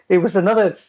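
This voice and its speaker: A man's voice: high-pitched, dark tone. Chatty man with a dull lo-fi sound. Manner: chatty, self-deprecating, laughs often. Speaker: interview guest. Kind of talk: casual storytelling. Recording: dull lo-fi audio.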